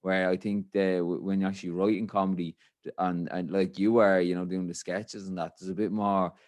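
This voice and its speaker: A man's voice: low voice, level tone, fairly quick, darkish tone, dry recording. An Irish man hosting a podcast in loose, rambling casual chat, full of swearing and filler phrases. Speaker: podcast host.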